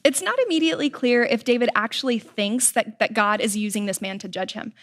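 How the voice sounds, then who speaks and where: A young woman preaching a sermon, telling stories in a casual, animated way with everyday slang. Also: fairly high pitch, brisk.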